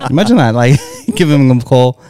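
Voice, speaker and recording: A man's voice: mid-range voice, a little mellow. A man co-hosting a podcast, joking playfully and acting out silly pickup lines. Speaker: podcast co-host. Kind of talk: casual chat.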